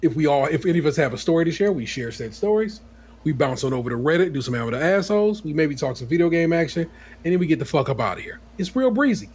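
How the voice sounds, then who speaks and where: Joking podcast host, slightly high voice. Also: male voice, very animated, darkish tone, breathy edge. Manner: loose, joking, quick asides with laughs. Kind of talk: casual podcast banter. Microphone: remote call.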